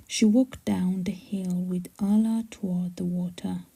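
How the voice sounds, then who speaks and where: Husky woman whispering through her draft. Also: medium pitch, fairly even intonation, slow pace, hardly any pauses, poor audio. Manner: soft, often whispered, stopping to correct herself. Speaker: novelist. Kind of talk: reading and editing her own draft aloud on a livestream.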